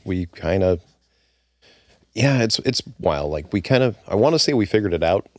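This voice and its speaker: A man, a former brewery owner, talking casually as a guest in an interview, relaxed and halting with restarts. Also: deep voice, dry recording. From United States.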